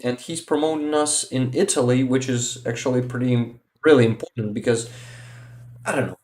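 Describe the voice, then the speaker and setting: A man from Ukraine hosting a casual livestream chat, halting and full of fillers and repeated words. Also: mid-range voice, fairly even intonation, a little mellow. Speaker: livestream host. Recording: roomy echo.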